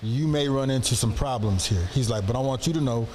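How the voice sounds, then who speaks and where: A man from Texas tells a long anecdote in a relaxed, rambling way. His voice sits in the middle range for a man. A faint background noise runs under the podcast recording. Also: mid-range voice, brisk. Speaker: podcast co-host. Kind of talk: casual storytelling.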